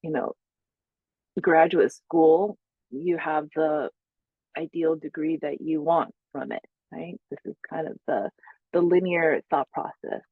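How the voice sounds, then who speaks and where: A woman's voice: deep voice, fairly even intonation, slow, husky, no room sound. A woman psychotherapist talking through spiritual practice in a reflective monologue, searching for words with many fillers. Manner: searching, with many fillers and self-quoted asides. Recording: tinny phone-like sound.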